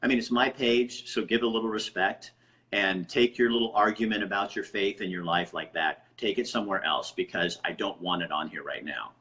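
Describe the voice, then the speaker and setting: A man hosts a live-streamed interview over a video call. His voice sits low yet sounds bright and forceful. He talks bluntly and doesn't hesitate to scold the viewers typing in the chat. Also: brisk. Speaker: host of a live online interview.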